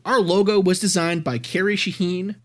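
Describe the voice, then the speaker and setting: A man's voice: high-pitched, fairly even intonation, moderate pace. A man hosting a podcast, chatting casually and rambling, then reading an upbeat sign-off. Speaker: podcast host. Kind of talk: casual chat.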